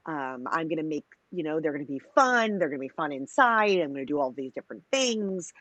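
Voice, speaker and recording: A woman's voice: sits low, sing-song, brisk, hardly any pauses, a bit bright. A woman in her thirties, a company founder, tells her story in a casual interview. She is long-winded, scatters "you know" and "like" through her talk, and acts out the lines she quotes. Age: 30s.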